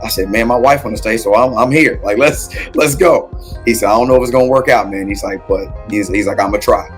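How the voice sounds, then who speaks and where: Animated storytelling man, faint music behind. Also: a little fast. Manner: animated storyteller, acts out quotes with big pitch jumps. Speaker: assistant basketball coach, guest. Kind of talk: casual storytelling interview.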